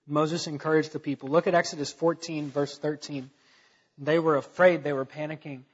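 A man's voice: fairly high pitch, little pitch movement, moderate pace, husky, long reverb tail, lo-fi sound. A man preaching a conversational sermon, telling the story in casual talk with fillers and stressing key points.

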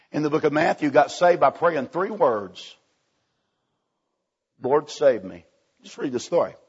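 A higher-pitched, slightly husky man delivers a sermon in a folksy, punchy manner. He breaks into sudden loud bursts between plain talk. The recording sounds dull and lo-fi. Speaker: preacher.

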